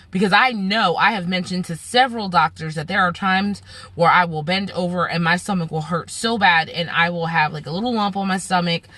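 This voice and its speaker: A woman's voice: medium pitch, fairly bright tone, no echo. Frustrated woman venting to camera. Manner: frustrated, exasperated storytelling. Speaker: vlogger. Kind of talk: casual venting vlog.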